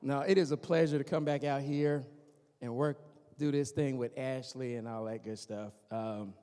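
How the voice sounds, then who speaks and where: A man's voice: medium pitch, moderate pace, clean tone. A man from the American Midwest doing teasing stand-up comedy and crowd work before a live audience in a church hall. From Gary, Indiana, USA. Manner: animated, teasing, talks straight to the audience.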